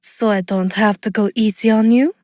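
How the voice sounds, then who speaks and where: A man voicing a tiny, energetic fox girl with an excitable, quick manner in an audiobook. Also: high-pitched, dry recording, clean studio sound, voice pushed up, lightly acted. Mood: worried. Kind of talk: audiobook character voice.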